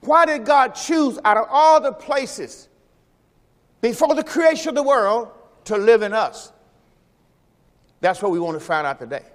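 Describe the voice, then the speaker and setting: A little slow and pausing often, the pastor speaks in an extremely high, expressive voice. His folksy sermon, given in the sanctuary during a service and heard through long reverb, repeats phrases and calls for the congregation's responses.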